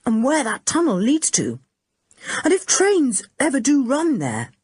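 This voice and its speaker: A bright, self-assured teenage boy with a lively, bouncing delivery, as a woman narrator puts him on. He sounds brisk and hearty, reassuring the others, in a dry, close storybook recording. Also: high-pitched, husky, no room sound, voice pushed up, full character voice. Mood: confident. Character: confident cheerful teenage boy, leader.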